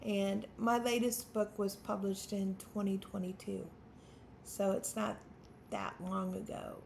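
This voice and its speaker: Slow-talking woman in her fifties, gravelly. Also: medium pitch, steady tone, a little mellow, a little hiss or hum. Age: 50s. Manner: nervous, stammering, self-deprecating with laughs. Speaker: songwriter and channel host. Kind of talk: unscripted talk to camera.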